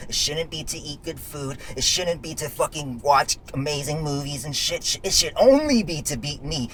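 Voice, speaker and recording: A young man co-hosts a casual podcast, boastful and intense, swearing constantly and dropping into a low, brooding tone when he reflects. A little hiss or hum is audible.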